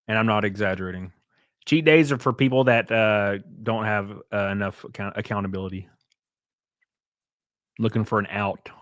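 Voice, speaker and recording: A man's voice: fairly low pitch, moderate pace, long pauses, a bit bright, dry recording, clean studio sound. A man hosting a casual livestream, blunt and profane, rambling and reading chat donations aloud. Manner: reads and answers chat donations. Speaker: livestream host.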